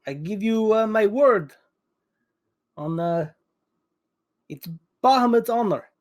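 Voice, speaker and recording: A tabletop player voicing an adventurer who talks slowly in halting, simplified phrases. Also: medium pitch, expressive, a little mellow. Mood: placating. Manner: slow, halting, mimics simple speech.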